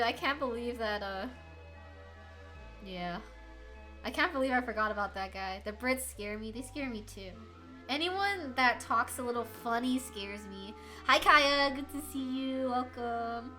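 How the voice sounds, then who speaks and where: A woman's voice: on the high side, a little slow, sharp tone, faint music behind. An American woman chatting casually on a live stream, giggly and rambling, laughing often. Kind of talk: casual chat.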